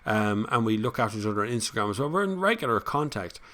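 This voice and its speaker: A man's voice: fairly low pitch, sing-song, quick pace, bright, forceful tone. An Irish man hosting a casual live chat, reading out viewer comments and rambling on between them with frequent laughs. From Ireland. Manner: chatty, rambling, laughs often.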